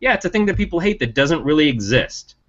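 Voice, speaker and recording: A man co-hosting a casual podcast about TV, voicing strong opinions with emphatic rising pitch. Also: big pitch swings, fast talker, a bit bright. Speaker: podcast co-host. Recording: dull lo-fi sound.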